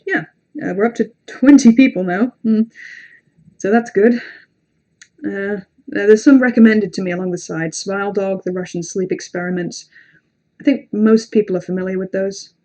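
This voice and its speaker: Between horror story readings on her livestream, a young woman from Britain chats in a rambling, sweary, self-deprecating way. She has a British accent and a warm, mid-range voice at a normal speed.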